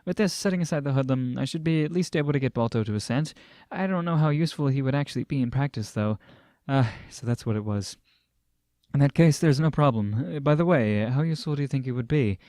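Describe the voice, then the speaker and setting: A man's voice: medium pitch, quick pace, warm tone, no room sound, clean studio sound. A man casually reading a translated novel aloud, stumbling and restarting and breaking off for joking asides. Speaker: amateur novel reader.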